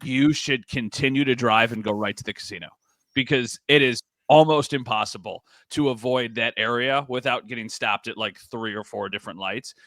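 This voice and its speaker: A man's voice: medium pitch, normal speed, fairly bright tone, no echo, clean studio sound. A young man, co-hosting a casual sports podcast in a loose, conversational way. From Western New York. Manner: conversational, frequent "like" fillers. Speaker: podcast co-host.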